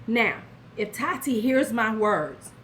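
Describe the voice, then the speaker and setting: A plain-spoken older woman talks to her camera in a slightly high voice, handing out bold, no-nonsense advice like a seasoned aunt. A faint hum of room ambience sits under her voice. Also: animated, slow, a bit bright. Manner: blunt, sassy advice, talking straight to the viewer. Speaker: beauty vlogger. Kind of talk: casual commentary vlog.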